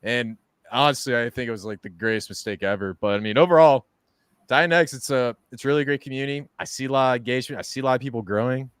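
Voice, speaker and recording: A man hosting a casual crypto interview, telling stories with animated swings into loud excitement. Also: medium pitch, fast talker, smooth, dry recording. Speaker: podcast host.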